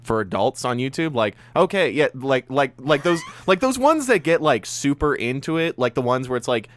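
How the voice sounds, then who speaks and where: A man chatting casually with friends, rambling and filling every pause with "like.". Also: mid-range voice, big pitch swings, fairly bright tone, no room sound. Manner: filler-heavy, rambling, says "like" constantly. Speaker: podcast co-host. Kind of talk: casual chat among friends.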